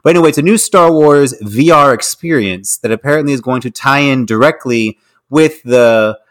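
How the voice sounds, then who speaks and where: A man's voice: mid-range voice, normal speed. Male podcast co-host, casual news rundown, rambling and hedging, mid-range voice. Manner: rambling, hedging, many restarts.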